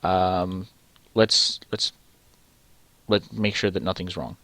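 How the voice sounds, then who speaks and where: Low-voiced young man reading a text game aloud. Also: takes it slowly, fairly bright tone, no echo. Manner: rambling, self-interrupting, swears casually. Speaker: let's-play host.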